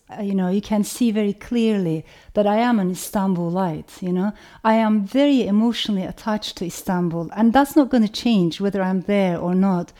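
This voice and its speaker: A woman from Turkey with a Turkish accent, an author giving a thoughtful, measured talk that includes a reading of her own writing. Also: mid-range voice, mellow. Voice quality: thoughtful, measured, builds long lists.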